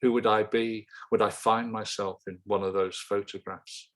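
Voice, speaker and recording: A poet reading his work over a video call, his voice sitting fairly low. Between poems he talks in a halting, self-correcting way, and he reads the verse steadily and in measured phrases. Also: little pitch movement, noisy background. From Liverpool, England. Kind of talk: poetry reading and discussion.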